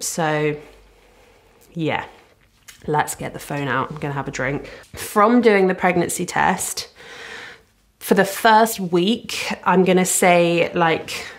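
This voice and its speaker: Chatty woman, low voice. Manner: chatty, rambling, self-deprecating. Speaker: vlogger. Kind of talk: casual chat to camera. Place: living room at the front of a house. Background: traffic outside.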